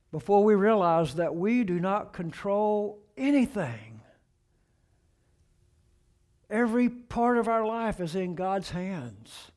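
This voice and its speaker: A male preacher delivers a sermon at an unhurried pace. His voice sits high for a man. He pushes the questions he quotes up in force and lets the ends of his points fall low and soft.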